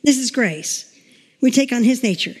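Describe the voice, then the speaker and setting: A woman's voice: a little high, lively intonation, moderate pace, darkish tone, husky. A woman pastor giving a chatty, emotional sermon, telling stories and laughing along the way. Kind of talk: informal sermon with storytelling. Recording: long reverb in a large room.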